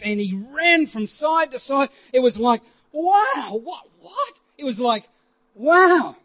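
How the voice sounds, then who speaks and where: High-voiced man telling a testimony. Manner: animated, rising to loud exclamations, many fillers. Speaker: preacher. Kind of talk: storytelling testimony.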